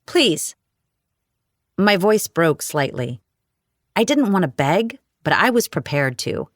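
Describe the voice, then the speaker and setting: A woman narrating a romance audiobook in the first person, with wry, expressive storytelling. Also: fairly low pitch, a little slow, no echo, studio quality.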